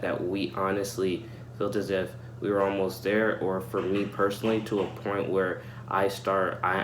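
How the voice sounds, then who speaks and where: A young man hosting a reaction video, earnest and reflective, halting and repeating words as he searches for them. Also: low-pitched. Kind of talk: reflective casual commentary. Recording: echoey room with faint hum.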